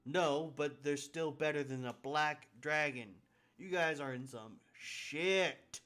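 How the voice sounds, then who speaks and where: A man's voice: fairly high pitch, normal speed, warm tone, faint music behind, close to an everyday voice. A man voicing a startled male merchant and ship runner who exclaims in disbelief. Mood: alarmed.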